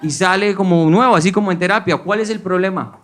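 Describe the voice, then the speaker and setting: A man's voice: high voice, racing, fairly bright tone. A man with a Colombian accent voicing his scolding, incredulous Colombian mother. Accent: Colombian Spanish. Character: older Colombian mother, woman, scolding and practical. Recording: live stage set with audible crowd noise.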